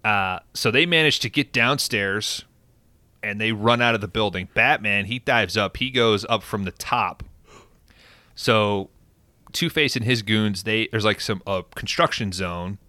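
A man hosting a podcast, giving an excited, profane, casual recap of a movie plot. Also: on the low side, unhurried, no echo. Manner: excited and profane, animated storytelling. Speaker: podcast host.

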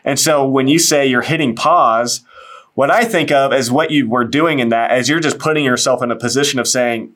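A man's voice: medium pitch, moderate pace, fairly bright tone. A man hosting an interview, talking earnestly and encouragingly about faith, with many restarts. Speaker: interviewer, show host. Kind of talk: casual faith conversation.

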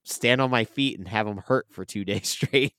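Bright, clear-voiced laid-back man. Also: lowish voice, moderate pace, no echo, clean studio sound. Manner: relaxed, laid-back, self-deprecating. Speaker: podcast co-host. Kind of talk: casual podcast chat.

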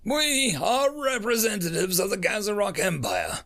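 A man's voice: sits high, sing-song, normal speed, fairly bright tone, voice pushed up, heavily acted. A man voicing a rattled male alien fleet commander who barks incredulous questions and orders, in a spoken audiobook. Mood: defiant.

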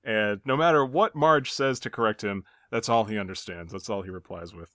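A man's voice: lowish voice, a little fast, fairly bright tone, dry recording, clean studio sound. A man co-hosting a podcast in casual chat, recapping scenes in a chatty way. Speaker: podcast co-host.

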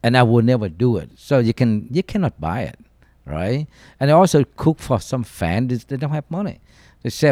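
A man, a guest chef whose first language is not English, talking in a casual podcast chat, blunt and profane, telling stories with lively broken English. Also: mid-range voice, normal speed, dry recording. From Canada-based chef.

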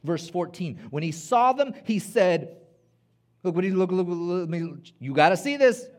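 A man's voice: sits high, animated, a little slow. A man preaching a sermon as pastor, emphatic, repeating words and rallying his listeners.

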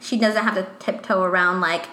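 A woman's voice: medium pitch, fairly even intonation, brisk, pushed and bright. A young woman co-hosting a podcast, chatting casually and animatedly with a friend, peppering her talk with "like" and acted-out quotes. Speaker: podcast co-host. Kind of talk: casual chat between friends. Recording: echoey room.

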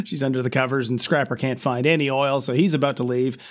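A man's voice: medium pitch, fairly even intonation, a little fast. A man casually recapping a cartoon episode with a co-host, narrating the plot with dry, sarcastic asides. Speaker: podcast co-host.

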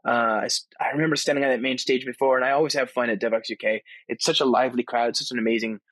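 A man's voice: medium pitch, fairly even intonation, fast talker, a bit bright, dry recording. Gushing, rambling male podcast host. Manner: enthusiastic, rambling with frequent fillers and restarts. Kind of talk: casual spoken monologue. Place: on location at a tech conference abroad.

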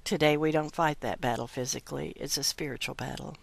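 A woman hosting a Bible podcast, reading scripture and giving devotional teaching in a measured, earnest way. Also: low-pitched, steady tone, gravelly, slightly rough. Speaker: host.

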